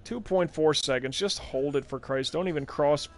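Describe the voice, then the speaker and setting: A man's voice: a little high, moderate pace, faint music behind. A young man streaming a basketball video game, rambling in casual, sarcastic, profane commentary. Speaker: gaming livestreamer. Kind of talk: casual let's-play commentary.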